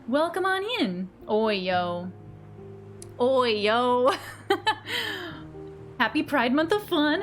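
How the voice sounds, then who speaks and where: Bubbly female streamer, fairly high and very lively voice, casual chat over faint music. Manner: bubbly, giggly, greets viewers by name.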